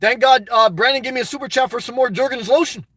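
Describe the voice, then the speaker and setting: A man hosting a livestream, reading chat and rambling in a crude, excitable, off-the-cuff way from inside his car. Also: very high-pitched, quick pace, dry recording.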